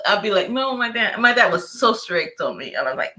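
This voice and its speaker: A woman's voice: mid-range voice, very animated, brisk, few pauses, sharp tone. A young woman chatting casually, laughing often and talking with lots of fillers. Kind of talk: casual chat.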